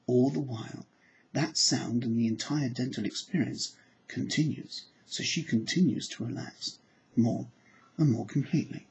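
Male hypnotherapy trainer, mid pitch, storytelling teacher who voices the people in his anecdotes and drops into slow, soothing trance-style phrasing. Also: vocal fry, low-quality recording. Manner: storytelling, acts out quoted dialogue, soft hypnotic phrasing.

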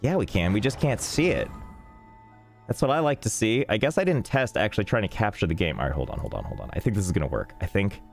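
A man with a fairly low, gravelly voice talks fast and swings his pitch widely. He's streaming a game, chatting casually and poking fun at himself while wrestling with technical problems, as faint game music plays in the background.

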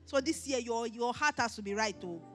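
A middle-aged Nigerian woman pastor delivers a conference sermon in a high, animated voice. She preaches with emphasis and often rises to a shout. Faint music plays underneath. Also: fairly quick. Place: conference hall.

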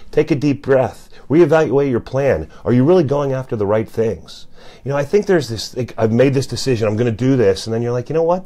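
A man's voice: on the low side, dark tone. A man giving a casual motivational talk to camera, conversational and full of "you know" and "uh" fillers. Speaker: motivational speaker.

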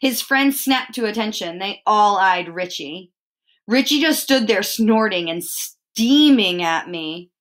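A woman teacher reading a picture book aloud to children, expressive and stopping to ask them questions. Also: medium pitch, slow pace.

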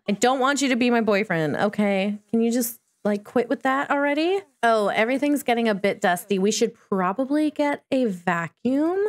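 Woman, gaming creator, slightly high voice, chatty play-by-play that coos at the on-screen babies. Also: expressive, normal speed, hardly any pauses. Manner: chatty, coos and talks to her game characters. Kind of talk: casual let's-play commentary.

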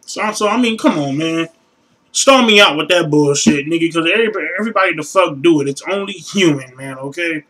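A young man with a high, bright, ringing voice rants straight into the camera. He is loud, crude and animated, and often breaks into a shrill mocking falsetto. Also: a little fast, recorded from a distance, poor audio. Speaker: vlogger. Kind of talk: profane casual rant to camera.

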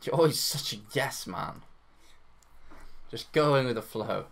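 A man reading a cold, dismissive young woman in his own low, gravelly voice with a flat, lightly sarcastic delivery. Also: unhurried.

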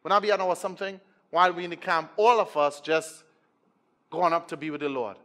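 High, bright-voiced Trinidadian preacher. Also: male voice, brisk. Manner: energetic, swings from hushed to shouting, joking with the crowd. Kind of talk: sermon.

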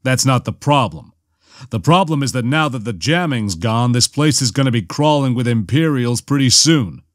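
Man doing a gruff, sardonic smuggler pilot. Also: medium pitch, expressive, moderate pace, dry recording, clean studio sound, lightly acted. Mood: exasperated. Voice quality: growling, sardonic.

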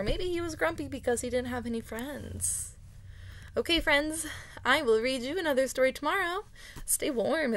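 A woman reading a picture book aloud to children, adding chatty asides to her young listeners. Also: on the high side. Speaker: storybook reader.

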